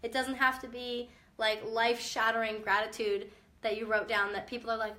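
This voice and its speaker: A woman's voice: a little high, brisk, bright, forceful tone. A young woman, a mom with a chest cough, giving casual, upbeat motivational talk to her viewers with direct encouragement. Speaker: mom vlogger.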